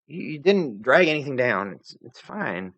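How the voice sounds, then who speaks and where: A man voicing a gentle, earnest young human girl. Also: mid-range voice, sing-song, normal speed, no room sound, highs cut off, pitched above the performer's own voice. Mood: soothing.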